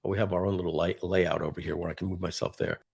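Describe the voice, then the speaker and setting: A man with a low, gravelly voice presents a casual live stream from his computer. He rambles with enthusiasm, full of fillers and restarts, and acts out bits of dialogue as he goes. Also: little pitch movement, quick pace, a little mellow.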